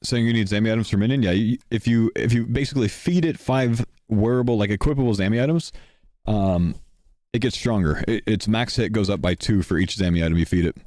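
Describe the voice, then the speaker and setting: A man's voice: lowish voice, fairly quick, darkish tone, no room sound, clean studio sound. A man streaming a game, chatting casually and explaining game mechanics to his chat.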